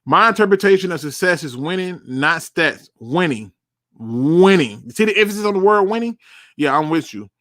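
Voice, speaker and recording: A young man with a fairly high voice hosts a casual live sports talk show, answering chat with blunt, emphatic opinions and the odd curse. He hammers his points home by repeating words. The recording is dry and close, with no room sound. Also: lively intonation, fairly quick, sharp tone, dry recording.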